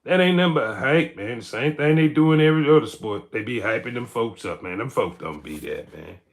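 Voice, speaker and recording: A man's voice: medium pitch, animated, a little fast. A man hosting a livestream, ranting in casual commentary. He is emphatic and repeats his points, tagging lines with "man". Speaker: livestream host. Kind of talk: live-stream commentary rant.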